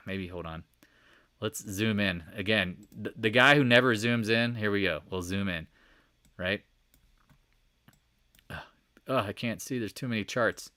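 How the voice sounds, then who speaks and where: A man hosting a casual market recap, talking through charts with jokey asides, swearing and sudden loud outbursts. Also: on the low side, dry recording. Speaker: stock market recap host. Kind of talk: casual screen-share chart commentary.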